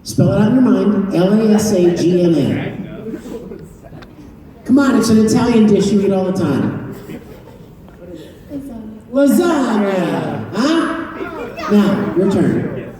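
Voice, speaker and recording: At a fan convention Q&A, a voice actor guest with a high voice and lively intonation chats casually and playfully teases the crowd, laughing often. He speaks a little slowly and pauses often. Recorded from far off on a handheld phone camera in the audience, the large hall sounds echoey.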